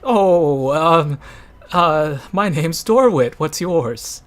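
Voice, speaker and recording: A man voicing a hapless, timid male wizard who talks in a hesitant, gentle way. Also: fairly high pitch, expressive, extremely slow. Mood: curious.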